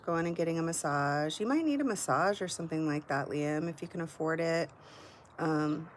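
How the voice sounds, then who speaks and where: A middle-aged woman streams live from inside her house, talking openly with her audience and cursing without hesitation. She speaks in a low voice, and a little hiss or hum can be heard.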